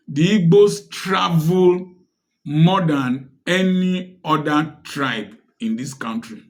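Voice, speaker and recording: A Nigerian man talks straight to his audience, pressing his point home with one rhetorical question after another. His voice sits a little high for a man, and he takes his time, leaning on each phrase with slow, preachy emphasis. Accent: Nigerian English. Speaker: commentator. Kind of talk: direct-to-camera social commentary.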